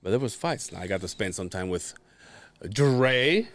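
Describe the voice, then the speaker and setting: A man's voice: fairly low pitch, animated, a little slow. A man co-hosting a podcast, telling rambling stories in casual chat, swearing freely and laughing often. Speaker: podcast co-host.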